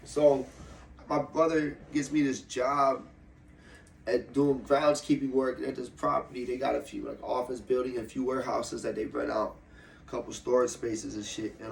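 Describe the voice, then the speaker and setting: A young man from Ohio, an MMA fighter, telling his story in a loose, profane, animated way during a casual interview. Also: mid-range voice, moderate pace, gravelly, echoey room. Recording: slightly distant mic with faint room noise.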